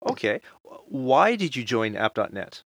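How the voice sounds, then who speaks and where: A man's voice: mid-range voice, very animated, a little slow, creaky, fairly bright tone, no echo, clean studio sound. A man hosting a casual podcast interview, asking questions politely and evenly. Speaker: podcast host.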